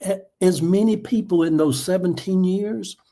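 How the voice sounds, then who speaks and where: A man's voice: high voice, normal speed, dark tone. An older man hosting a casual live chat, telling stories in a folksy, emotional way. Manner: folksy and emotional, addresses viewers as y'all. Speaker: livestream host.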